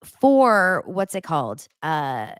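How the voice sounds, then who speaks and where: A woman's voice: low voice, sing-song, slow pace, clean tone, dry recording. A young woman hosting a podcast, chatting casually and retelling reality-show scenes with lots of fillers. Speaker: podcast host. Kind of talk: casual pop-culture chat.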